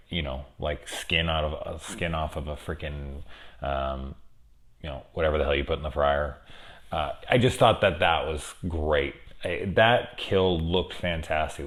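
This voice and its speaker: A very deep-voiced man talks his way through a horror movie review in a loose, rambling way. He swears casually, stacks up fillers, and gets openly enthusiastic.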